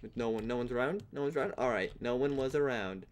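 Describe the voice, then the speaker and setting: A young man giving casual, rambling commentary on his own gameplay, now and then breaking into playful yelling. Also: mid-range voice, fast talker. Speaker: gaming YouTuber.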